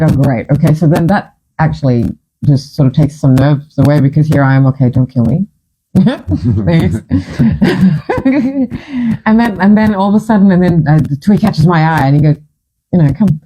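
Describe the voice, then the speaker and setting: A low-voiced, husky woman from Fiji tells old stories casually. She is middle-aged, animated, and laughs often. She acts out the voices of people she quotes. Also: unhurried, low-quality recording. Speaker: singer and storyteller. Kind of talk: casual storytelling monologue.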